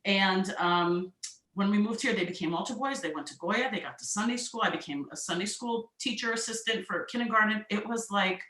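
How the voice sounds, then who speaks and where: A woman guest with a bright, forceful voice tells her story earnestly, leaning hard on key words. She sounds roomy and echoey, as if talking from a bare room. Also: mid-range voice, a little fast. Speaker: guest, children's book author. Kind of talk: casual interview chat. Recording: roomy echo.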